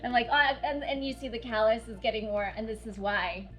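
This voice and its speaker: A woman playing a tabletop game, talking casually and haltingly. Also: on the high side, a bit bright, soft background music, rough recording. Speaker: player.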